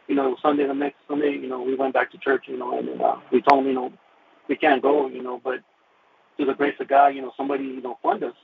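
A man telling his personal faith testimony, emotional and halting, with many "you know" fillers, over a phone-like radio line. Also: mid-range voice, little pitch movement, vocal fry, slight background noise. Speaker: guest sharing his testimony.

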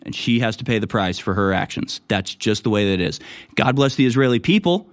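A man's voice: fairly low pitch, lively intonation, a little fast. Indignant man hosting news commentary. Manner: indignant, rising to sudden exclamations, plays clips and reacts. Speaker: political commentary host.

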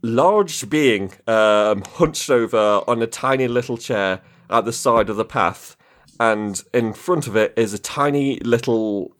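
A man narrating as game master in a tabletop role-playing session, playful and chuckling as he describes the scene. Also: lowish voice.

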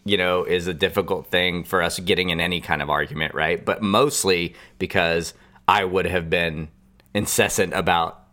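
A man's voice: low voice, steady tone, moderate pace, bright, forceful tone. A man in his forties co-hosting a podcast with his wife, talking earnestly and stumbling over restarts. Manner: earnest, apologetic, stammers on restarts. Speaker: podcast co-host. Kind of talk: casual chat.

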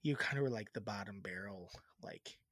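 A man co-hosting a casual podcast, teasing his co-host and swearing freely, sometimes dropping to a low murmur. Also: moderate pace, a bit bright, no echo, studio quality. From Chicago. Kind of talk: casual chat.

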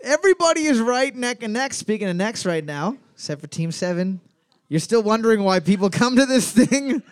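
A man quizmaster at a bar trivia night, his voice high and smooth with a clean, resonant tone. He announces each round and needles his co-host with crude jokes. The recording is dry and close. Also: sing-song, brisk, no room sound. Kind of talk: casual banter while running a music quiz.

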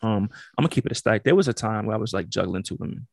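Gravelly man telling a story with laughs. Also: lowish voice, rapid-fire, no echo, clean studio sound. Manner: animated storyteller who acts out quotes, laughs often. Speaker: podcast co-host. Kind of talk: casual storytelling chat.

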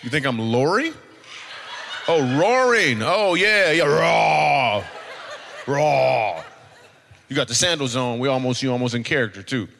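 Teasing comedian working the crowd. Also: male voice, medium pitch, expressive, measured pace, vocal fry, pauses often, a bit bright, big-room sound, slight background noise. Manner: loose, teasing, conversational. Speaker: stand-up comedian. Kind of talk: stand-up crowd work.

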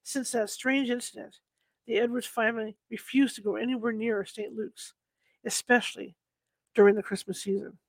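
A man reading ghost stories aloud at a steady pace, now and then stumbling and correcting himself. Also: high-pitched, moderate pace, vocal fry, no echo, rough recording. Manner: steady reading with occasional slips and self-corrections. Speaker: storyteller.

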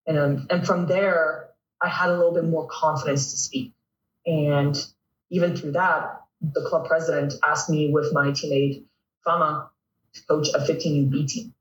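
A young man in his twenties with a Canadian accent, telling stories as a guest in a casual interview, animated and laughing often. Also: a little high, normal speed, slight background noise. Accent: Canadian English. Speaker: guest, pro volleyball player. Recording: echoey, from a distance.

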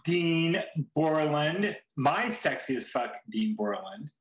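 A man's voice: on the high side, animated, slow, reverberant. A man co-hosting a podcast in casual chat, rambling and restarting his sentences, swearing now and then. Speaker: podcast co-host.

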